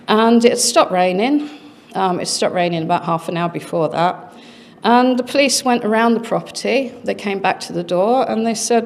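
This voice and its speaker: A middle-aged woman speaking at a conference, earnestly recounting a family experience with dramatic pauses. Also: medium pitch. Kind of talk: personal storytelling talk.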